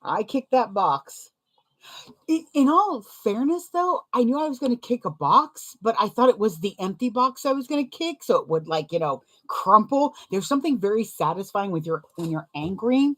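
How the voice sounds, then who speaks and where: A young adult woman with a slightly high, sing-song voice chats casually at a normal pace while sewing, her tone a little bright. This sewing vlogger rambles, pokes fun at herself, laughs a lot, and winces now and then from a sore foot.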